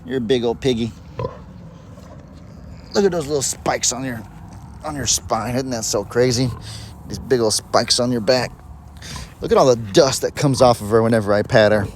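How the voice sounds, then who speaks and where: A man's voice: mid-range voice, normal speed, long pauses, slight background noise. A man chatting casually on a live stream while walking around his farm with a phone camera and talking to his animals in a sing-song voice. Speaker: farm livestream host. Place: outdoors on a farm among animals. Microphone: handheld phone camera.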